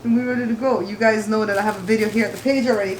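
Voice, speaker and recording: A woman's voice: mid-range voice, fairly even intonation, rapid-fire, slight background noise. Chatty woman eating in a roomy room. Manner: chatty, talkative, addresses viewers directly. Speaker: mukbang host. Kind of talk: casual chat while eating. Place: home dining table. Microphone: camera on the table. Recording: roomy room with clattering dishes.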